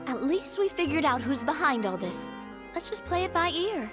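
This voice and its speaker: A woman voicing a bold young female adventurer in a game, talking in a calm, wry, reassuring way. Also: sits high, normal speed, music in the background. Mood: steady.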